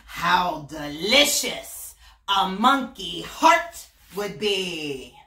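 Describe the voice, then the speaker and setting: Woman doing a scheming crocodile, sly, hungry, slow, drawn out, low, echoey room. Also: big pitch swings, sharp tone, exaggerated voice. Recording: roomy, voice from a distance.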